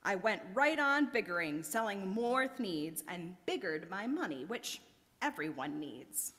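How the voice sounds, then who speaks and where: A woman reading a rhyming storybook aloud at a worship service, telling it in an expressive, theatrical way. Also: mid-range voice, measured pace, in a large hall. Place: church sanctuary.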